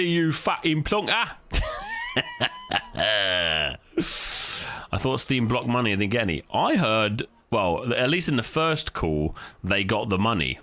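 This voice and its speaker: A man's voice: on the low side, a bit bright. A man live streaming, chatting casually with his viewers as he reacts, swearing freely and greeting people in chat by name.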